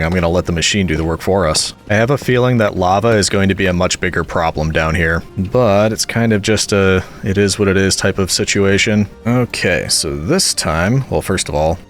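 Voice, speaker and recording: A man casually commenting on his Minecraft gameplay as a YouTuber, chatty and talking to himself, sometimes getting flustered when things go wrong. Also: low-pitched. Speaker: gaming YouTuber.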